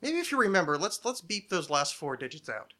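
A man from New Jersey hosting a podcast in a rambling, joking manner. His voice is light and thin rather than resonant, sits fairly high, and sounds bright. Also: sing-song, fairly quick. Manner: rambling, jokey. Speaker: podcast host. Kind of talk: casual podcast chat.

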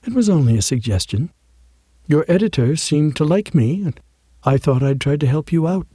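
A sly female con artist in an audiobook, light and coaxing in a low, husky voice, as a male narrator reads her lines. The sound is close and dry, with no room around it. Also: animated, normal speed, dark tone, no echo. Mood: breezy. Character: sly, fast-talking woman con artist.

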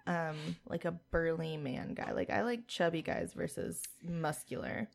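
Woman with a creaky voice, gushing. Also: fairly low pitch. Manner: gushing, playful, quick reactions. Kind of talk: casual chat.

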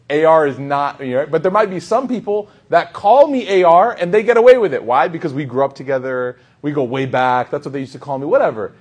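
A man giving a casual sermon to a live audience, talking in a relaxed, conversational way, repeating lines for emphasis, often asking "right?" and quoting Arabic scripture. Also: on the high side, fairly quick. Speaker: Islamic preacher.

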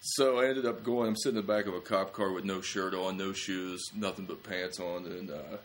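A young adult man with a low, deep voice tells a rambling story in casual podcast chat. He mocks himself freely and snaps into quick impressions of the people in the story. A faint hum of room noise sits underneath. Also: fairly even intonation. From small-town Ohio. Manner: rambling, self-mocking, quick acted-out quotes. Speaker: comedian guest.

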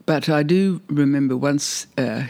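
A man's voice: a little high, a little slow, darkish tone. An older man being interviewed, reminiscing in a rambling, hesitant way with frequent laughs. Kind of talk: reminiscing conversation.

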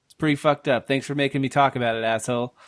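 A man's voice: mid-range voice, fairly even intonation, quick pace, no room sound. A man playing in a tabletop game podcast, joking and irreverent in casual banter. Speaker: player.

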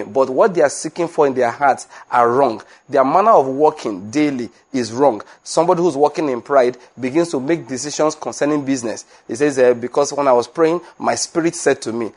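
Emphatic male preacher. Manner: emphatic, repeats key points, rises in pitch when pressing a point. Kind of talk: sermon.

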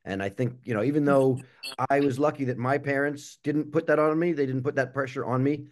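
A man's voice: mid-range voice, a little fast. A man speaking as a panelist on a video call, answering in a reflective, earnest way with frequent fillers. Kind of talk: casual chat.

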